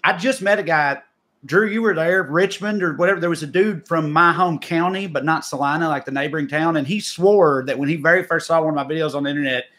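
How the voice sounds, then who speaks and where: Talking fast in a voice on the high side with a fairly bright tone, this comedian and podcast co-host rambles through stories in casual chat, often restarting. He has a thick Southern Appalachian accent from Tennessee and is in Los Angeles.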